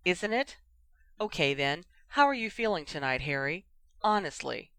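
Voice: mid-range voice, sing-song, moderate pace, a bit bright, clean tone, no room sound. A reader voicing Ginny, an earnest and blunt young woman who pleads directly. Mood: insistent.

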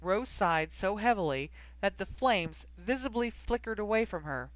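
A narrator reading a story aloud in an even, measured way. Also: mid-range voice, no echo. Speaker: audiobook narrator.

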